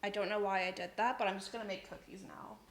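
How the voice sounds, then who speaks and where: A woman's voice: medium pitch, steady tone, quick pace, roomy sound, slight background noise. Chatty giggly woman streaming. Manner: chatty and giggly, says "like" a lot. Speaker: livestream host. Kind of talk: casual chat while cooking, reading chat aloud. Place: home kitchen.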